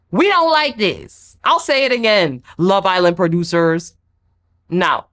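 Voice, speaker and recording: A woman giving a casual, emphatic recap of a reality show episode, acting out the people she quotes. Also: mid-range voice. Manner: animated, emphatic, acts out quotes. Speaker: recap vlogger.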